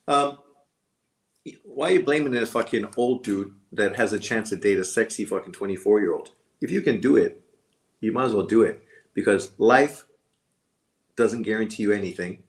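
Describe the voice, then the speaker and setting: A man's voice: fairly low pitch, animated, normal speed, pauses often. A man hosting a live boxing watch-along stream, talking casually in a blunt, crude way and swearing often. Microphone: streaming setup. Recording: roomy echo with faint background noise.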